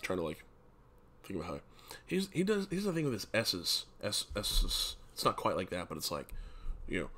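A man's voice: deep voice, huge pitch swings, normal speed, pushed and bright. A man rambling casually and self-mockingly into a close mic, trying out voices as he talks. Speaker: vlogger. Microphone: desk mic up close.

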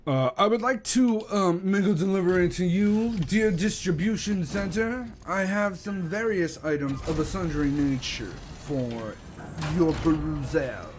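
A man's voice: high voice, measured pace, noisy background. A man putting on a mock-formal, flowery voice as a courier making a delivery. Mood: mock-polite.

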